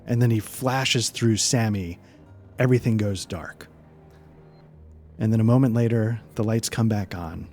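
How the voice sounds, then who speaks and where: A man's voice: lowish voice, darkish tone. A man narrating a tabletop game as game master, rambling and hesitant with many fillers.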